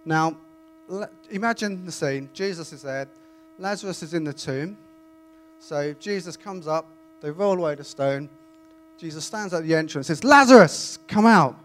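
A man reading scripture aloud and then preaching in a chatty, animated way to a congregation. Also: on the high side, moderate pace. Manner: conversational, animated, self-interrupting. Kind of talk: Bible reading and informal sermon. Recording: faint mains hum.

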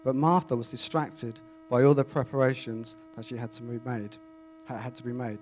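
A man reading scripture aloud and then preaching in a chatty, animated way to a congregation. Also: medium pitch, normal speed. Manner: conversational, animated, self-interrupting. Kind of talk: Bible reading and informal sermon. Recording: faint mains hum.

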